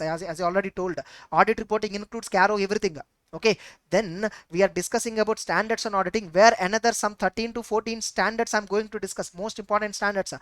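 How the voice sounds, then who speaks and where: A woman's voice: a little high, fairly bright tone, no room sound. A woman with an Indian English accent teaching an online exam-prep lecture, emphatic and repetitive, posing rhetorical questions.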